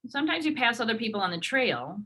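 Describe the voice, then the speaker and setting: A woman improv performer in casual chat, talking in quick, self-interrupting bursts. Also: on the high side, sing-song, bright, forceful tone. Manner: chatty, laughing, self-interrupting.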